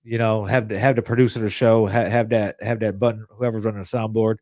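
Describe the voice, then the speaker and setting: A man co-hosting a podcast in casual political chat, blunt and profane and quick to jump in. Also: on the low side, little pitch movement, dark tone. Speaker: podcast co-host.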